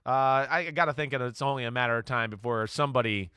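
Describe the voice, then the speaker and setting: A man with a bright, clear, fairly high voice who rambles through his football opinions, restarting sentences as his enthusiasm builds. The recording is close and dry. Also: fast, few pauses, dry recording. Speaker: sports analyst. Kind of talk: casual sports analysis chat.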